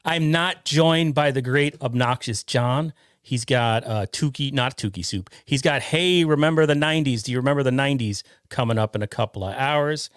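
A man's voice: mid-range voice, moderate pace, smooth, no echo, clean studio sound. A man hosting a podcast, chatting casually with a joking, self-deprecating manner. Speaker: podcast host.

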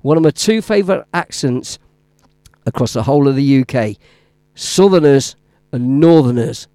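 A man's voice: medium pitch, lively intonation, a little fast, warm tone, no echo, clean studio sound. A man with a Midlands accent hosting a radio show as DJ, talking in a rambling, chatty way that waffles on between records. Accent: Midlands English. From English Midlands. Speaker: radio DJ host. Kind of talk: casual radio DJ chat.

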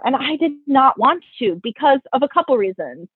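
A young woman hosting a casual chat, telling a story in an animated, profane way and acting out what others said. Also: high voice, moderate pace, soft background music. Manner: animated, profane, quotes people in her stories. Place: New York. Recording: tinny phone-like audio.

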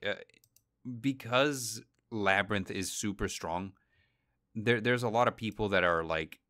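A man's voice: lowish voice, pushed and bright, dry recording, clean studio sound. A man co-hosting a casual podcast, rambling with many fillers and laughing easily. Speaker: podcast co-host. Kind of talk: casual chat.

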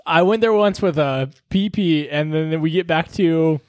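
A young man telling an animated story in casual chat, acting out the voices and swearing freely. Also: fairly high pitch, measured pace, dry recording, studio quality.

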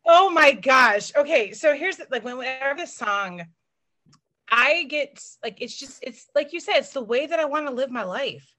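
A young woman co-hosting a podcast in casual chat, animated and joking, laughing often. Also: high voice, normal speed. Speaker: podcast co-host.

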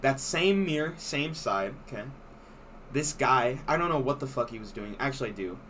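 A young man co-hosting a podcast, telling a story in casual, animated chat and swearing a lot. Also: medium pitch, moderate pace, a little hiss or hum. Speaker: podcast co-host.

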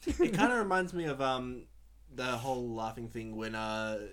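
Relaxed, chatty man with a mid-range voice. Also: mid-range voice, normal speed. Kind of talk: casual movie commentary chat.

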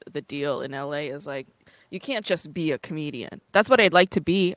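A woman's voice: low-pitched, dry recording. A woman hosting a podcast in casual chat, talkative and laughing often. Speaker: podcast host.

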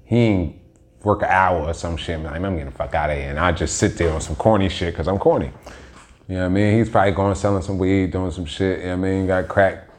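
A man's voice: sits low, fairly even intonation, fast talker. A man hosting his own podcast, telling stories in a rambling, slangy, heavily profane monologue. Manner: rambling, slangy, heavy swearing. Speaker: podcast host.

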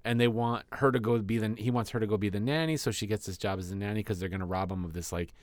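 A man's voice: lowish voice, steady tone, fast, dry recording. A man co-hosting a podcast, rambling casually with profanity and laughter. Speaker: podcast co-host. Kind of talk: casual chat.

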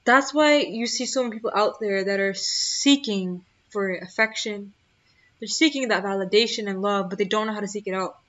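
Bright-voiced young woman podcasting earnestly. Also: mid-range voice, normal speed, lo-fi sound. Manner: earnest, emphatic, repeats key phrases. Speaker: podcast host. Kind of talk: solo motivational podcast talk.

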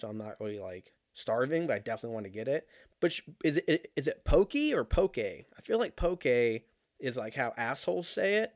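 A young man telling a rambling, profane story in a casual monologue, animated and laughing at himself. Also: medium pitch, no room sound, clean studio sound.

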